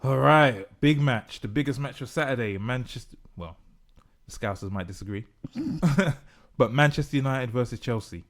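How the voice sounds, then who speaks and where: A football-fan podcast co-host reads out results and makes predictions on a casual show, with a mid-range voice at a moderate pace. His presenting style is teasing and game-show-like.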